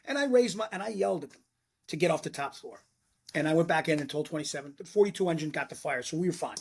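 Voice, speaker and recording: Husky New man telling fire stories. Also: fairly high pitch, fast talker. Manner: blunt, animated storyteller who acts out quotes. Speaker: retired fire lieutenant, podcast guest. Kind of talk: casual storytelling chat.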